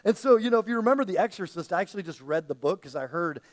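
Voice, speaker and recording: A man's voice: sits high, expressive, very fast. A man preaching a sermon as pastor, talking casually and often acting out the voices he quotes.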